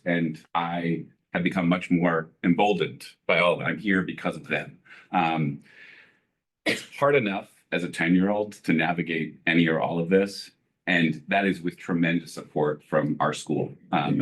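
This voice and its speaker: A deep-voiced man speaking up as a parent at a school board meeting. He talks earnestly, stopping and restarting often with many fillers. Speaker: parent giving public comment. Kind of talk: emotional public comment at a meeting.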